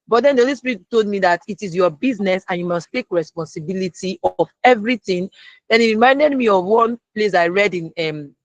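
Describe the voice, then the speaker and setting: A speaker, sharing a personal lesson as a guest and retelling it lively, acting out the people in the story. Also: medium pitch, fairly quick, no room sound, lo-fi sound. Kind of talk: storytelling testimony.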